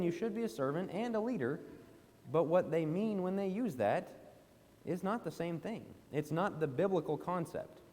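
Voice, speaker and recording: Preacher, male, fairly high voice, emphatic sermon delivery, long reverb of a church hall. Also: darkish tone. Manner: emphatic, rising to indignant questions. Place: church auditorium.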